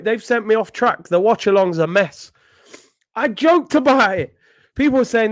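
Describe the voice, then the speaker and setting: A man's voice: high voice, lively intonation, moderate pace, no room sound, clean studio sound. A young man ranting in exasperation as a football channel host, repeating himself in disbelief. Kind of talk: ranting vlog commentary.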